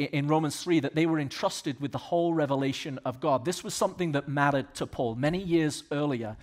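A man from the American South preaching a sermon as pastor of a church, swinging between loud exhortation and quiet, earnest asides. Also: a little high. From Southern United States.

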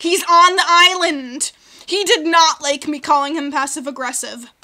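A woman's voice: high-pitched, fairly even intonation, moderate pace, bright, forceful tone. A woman hosting a video game let's play, chatting playfully and talking to the creatures on screen. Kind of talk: gaming commentary.

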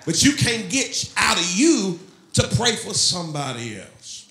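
A pastor preaches in a roomy church that rings with echo. His voice sits high and sounds bright and forceful. He swings from talk to shouted, sung-out lines. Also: big pitch swings, a little slow. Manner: preaching, rising to shouts, half-singing phrases. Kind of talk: sermon. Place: church sanctuary. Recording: echoey church room.

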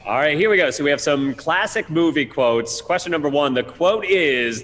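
Measured male quizmaster, slightly high voice. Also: expressive, a bit bright. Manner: measured, deliberate quote reading. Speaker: trivia quizmaster. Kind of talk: reading quiz questions on live TV. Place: brewery, on location.

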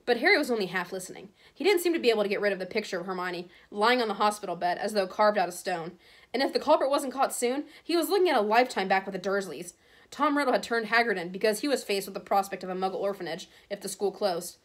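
A woman's voice: mid-range voice, fast talker. Teacher reading a novel aloud to her class. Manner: steady, with small stumbles and self-corrections.

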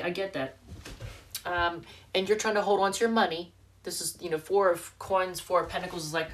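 A woman with a somewhat low voice reads tarot cards in a casual, chatty way. Her voice sounds stuffed up and congested, and she wanders with fillers and restarts as she talks through the spread. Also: a bit bright, slight background noise. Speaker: tarot reader. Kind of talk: casual tarot card reading.

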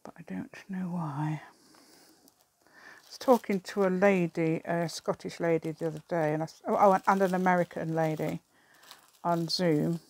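A woman's voice: fairly low pitch, steady tone, moderate pace, a little mellow. A middle-aged woman chatting casually while she crafts, rambling, laughing often and muttering asides to herself. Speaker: craft video maker.

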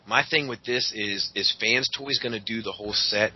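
A man's voice: lowish voice, normal speed, breathy edge, no room sound. A man hosting a podcast in casual, profane chat. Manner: profane, laughing. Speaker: podcast host. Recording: muffled lo-fi recording.

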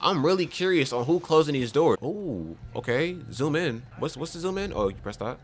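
A young man doing let's play commentary on a horror game, swinging from low mutters to loud yells. His voice is lively and slightly high for a man, and he talks straight to his viewers into a desk mic. A faint hiss of noise sits under the voice. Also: normal speed. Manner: excitable, talks to viewers, yelling at enemies. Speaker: gaming youtuber. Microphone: desk microphone.

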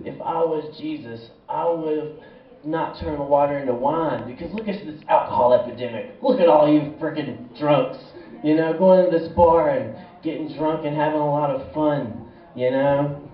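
A man's voice: fairly high pitch, normal speed, slight background noise. A young man doing a stand-up comedy set in a small club, rambling and profane with a laid-back stoner delivery. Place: small bar or club stage. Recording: echoey room, far from mic, dull lo-fi sound.

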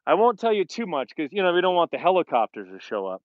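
A man's voice: fairly high pitch, sing-song, quick pace, few pauses, no echo, phone-quality sound. A middle-aged man who hosts and teaches fitness, chatting casually on a live stream in a rambling way and acting out the lines he quotes. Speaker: fitness instructor and host. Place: home in the Colorado mountains.

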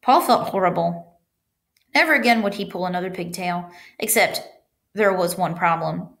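A woman's voice: on the low side, normal speed, vocal fry. A woman teacher reading a children's chapter book aloud and guiding students through the pages. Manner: animated storytelling with stops to guide the class.

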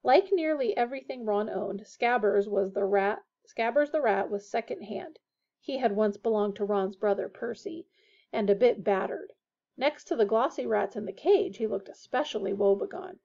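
A woman reading a children's fantasy novel aloud in a steady, expressive way. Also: mid-range voice, moderate pace, creaky. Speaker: audiobook reader. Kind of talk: storybook narration. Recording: dull lo-fi recording.

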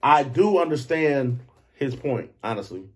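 A man hosting a podcast, telling a story in a loose, animated monologue. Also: measured pace. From Detroit. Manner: animated storytelling, acts out others in high voices. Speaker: podcast host. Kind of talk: casual monologue.

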